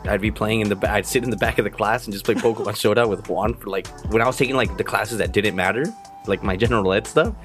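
Laughing, profane podcast co-host. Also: male voice, fairly low pitch, fast, soft background music. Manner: animated, laughing, profane recollection. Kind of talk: casual chat.

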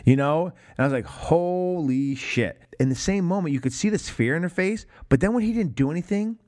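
A man hosting a podcast, talking casually and excitedly about a film, swearing freely and acting out lines from it. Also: a little high, fast. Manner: excited, profane, acts out movie quotes. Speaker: podcast host.

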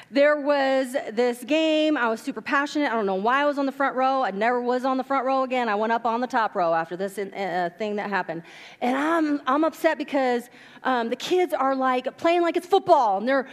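Woman pastor, sermon, animated storytelling, fairly high voice, long church-hall reverb. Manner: animated storytelling, acts out quotes. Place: church sanctuary.

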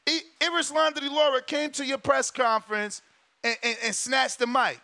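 Man, very high voice, dry close sound, boxing show host, emphatic, profane rant. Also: level tone, moderate pace, pushed and bright, dry recording. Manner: emphatic, profane, repeats himself. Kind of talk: casual talk show rant.

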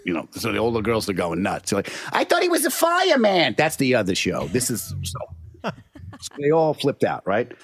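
A middle-aged man telling a funny story in a casual chat, punchy and animated. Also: on the low side, normal speed, creaky, breathy edge. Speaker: comedian guest.

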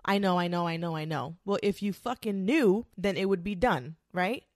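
A woman's voice: on the low side, normal speed, dry recording, studio quality. A woman talking straight to camera in a blunt, profane, emphatic rant about speaking her mind.

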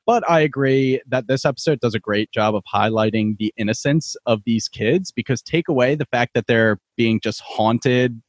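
A young man hosts a casual podcast in an upbeat, easygoing way. His voice sits at an ordinary pitch. The sound is dry and close, with no room around it. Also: normal speed, few pauses, no echo. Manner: upbeat, leads the discussion. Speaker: podcast host.

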